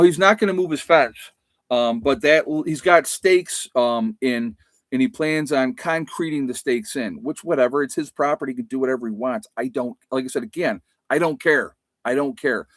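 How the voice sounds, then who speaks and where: A man's voice: medium pitch, moderate pace, dry recording. A man hosting a live stream, talking casually and rambling with lots of fillers and restarts. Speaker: livestream host.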